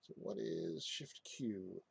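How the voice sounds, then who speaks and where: A man giving a casual software walkthrough, hesitant, with many fillers and restarts. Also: lowish voice, animated, slow, vocal fry, breathy edge, no room sound. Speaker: software reviewer. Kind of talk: casual screen-recorded tutorial.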